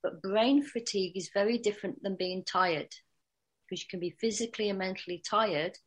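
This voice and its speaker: A woman giving calm, explanatory instruction about dog behaviour. Her voice sits at a middle pitch, and she talks with the occasional small restart. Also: fairly quick. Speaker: dog trainer. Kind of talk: spoken instruction.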